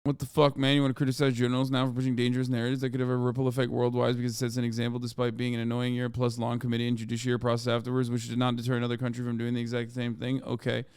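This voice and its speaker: A man's voice: medium pitch, monotone, rapid-fire, few pauses, darkish tone, clear, resonant tone, no room sound, clean studio sound. A man ranting sarcastically and profanely through political commentary on a livestream. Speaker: streamer.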